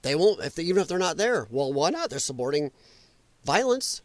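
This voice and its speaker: Man, angry profane political rant, fairly high voice, dry close sound. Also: sing-song, brisk, no room sound. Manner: angry, profane, mocking impressions. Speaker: podcast host.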